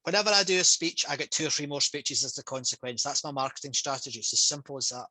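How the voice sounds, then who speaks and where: Bright, passionate Scottish man. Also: medium pitch, fast, no room sound, rough recording. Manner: passionate, energetic storytelling. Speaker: public speaker and trainer. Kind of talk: casual talk on a video call. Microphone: headset on a video call.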